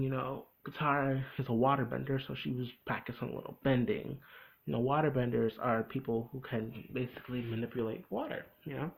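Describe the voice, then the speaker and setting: A young man recapping a cartoon episode in a casual, rambling way, full of fillers and quick acted quotes. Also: mid-range voice, creaky, rough recording.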